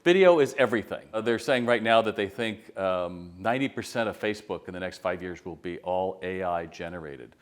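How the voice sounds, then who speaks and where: A man's voice: low voice, lively intonation, a little fast, few pauses. A middle-aged man giving casual, conversational retail business advice straight to camera and acting out quotes as he tells stories. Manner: conversational storyteller, acts out quotes. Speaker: retail consultant.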